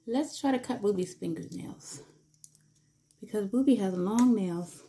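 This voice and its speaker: A woman's voice: medium pitch, unhurried, dark tone. A woman vlogger chatting casually and fondly to her pet and her viewers. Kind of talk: casual pet vlog chat.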